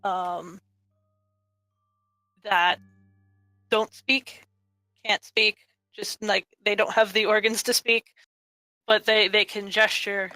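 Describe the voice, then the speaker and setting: A woman's voice: mid-range voice, fairly even intonation, slow, pauses often, bright, forceful tone, soft background music, rough recording. A woman chatting in a tabletop game session, rambling and hunting for words with many fillers. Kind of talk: casual tabletop game chat.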